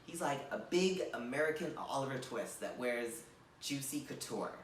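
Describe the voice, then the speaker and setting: A man's voice: mid-range voice, expressive, normal speed, reverberant, distant mic, a little hiss or hum. A man doing a comedic monologue, rambling with lots of fillers and mock-gushing sarcasm.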